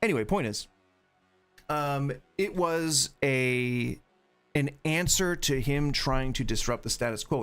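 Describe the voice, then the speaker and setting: A man's voice: medium pitch, takes it slowly, fairly bright tone, smooth, soft background music. A man hosting a livestream podcast, ranting profanely and rambling with restarts. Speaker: podcast host. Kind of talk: livestream commentary.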